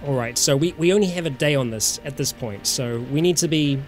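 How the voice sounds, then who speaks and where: With soft music playing, a man with a New Zealand accent chats to viewers and comments casually on the survival game he's live streaming. His voice is a little high and he talks a little fast.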